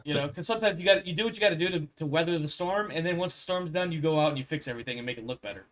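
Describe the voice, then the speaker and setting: A man's voice: fairly high pitch, rapid-fire. A man narrating as game master of a tabletop game, rambling with fillers and self-corrections.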